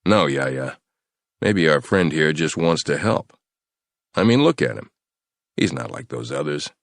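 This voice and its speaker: A man voicing a calm male soldier who coaxes a captive as the good cop. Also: very deep voice, a little slow, creaky, dry recording, studio quality, heavily acted. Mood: coaxing. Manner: calm, coaxing, persuasive.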